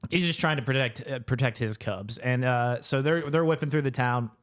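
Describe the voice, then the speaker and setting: A young man, a podcast co-host, retelling a story in a rambling, animated way and quoting characters as he goes. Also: mid-range voice, moderate pace. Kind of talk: casual storytelling chat.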